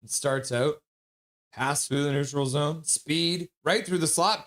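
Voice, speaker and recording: His voice slightly higher than the usual man's, a fan streamer calls hockey live with quick excitement and frank judgments. He goes back and forth easily between play-by-play and casual chatter with the people in his chat.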